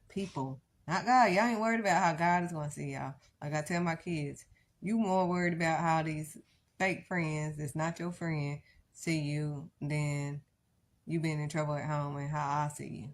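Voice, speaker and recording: Woman preacher, middle-aged, deep voice, blunt live-stream sermon style. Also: fairly even intonation, normal speed. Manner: blunt, exhortative, rhetorical questions.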